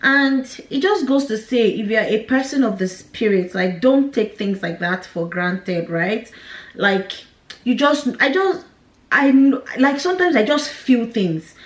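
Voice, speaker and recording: A woman's voice: fairly high pitch, animated, a little slow, roomy sound. A young woman, candidly and emotionally telling a personal story to camera, with nervous laughs. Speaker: vlogger.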